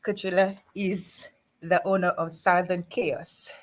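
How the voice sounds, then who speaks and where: A woman's voice: lowish voice, flat delivery, slow. A middle-aged woman hosting her nightly live show, speaking earnestly and emotionally about her own struggles, with frequent restarts and fillers. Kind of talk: heartfelt personal talk to a live audience.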